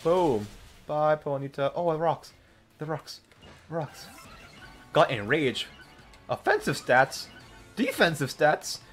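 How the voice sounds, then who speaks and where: A young man giving excitable let's-play commentary, laughing often and breaking into loud outbursts as he plays. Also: on the high side, a little slow, pauses often, slightly rough, soft background music. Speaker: gaming video creator.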